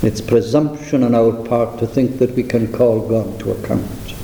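A man preaching a sermon in a measured, deliberate way, slowing down to stress key phrases. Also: medium pitch, steady tone, vocal fry, mellow, slight background noise. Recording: echoey hall.

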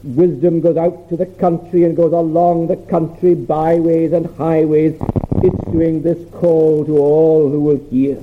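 A man preaching a sermon, earnest and measured, repeating phrases for emphasis. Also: on the high side, flat delivery, slight background noise. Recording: tinny phone-like sermon recording.

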